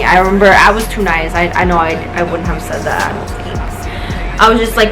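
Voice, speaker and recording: A tipsy, high young woman vlogger rambles through a casual storytime, loose and chatty with lots of swearing. Her mid-range voice moves at a moderate pace with long pauses, the audio is poor, and music plays behind her voice.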